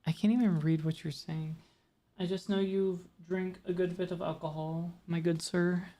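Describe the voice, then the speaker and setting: A woman's voice: fairly low pitch, steady tone, moderate pace, mellow. A woman streamer chatting casually with her live audience, rambling and talking straight to her chat. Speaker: VTuber streamer.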